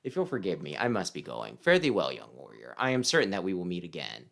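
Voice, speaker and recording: A man voicing a calm, serene older male monk in a soft, hushed way while reading a game aloud. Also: sits low, fast, gravelly, voice pushed down, exaggerated voice.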